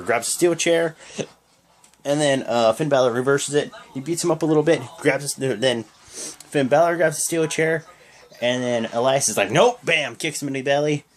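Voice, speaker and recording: A young adult vlogger giving a rambling, casual play-by-play recap of a wrestling show, often stopping to recall details. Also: mid-range voice. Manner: rambling, full of fillers and restarts.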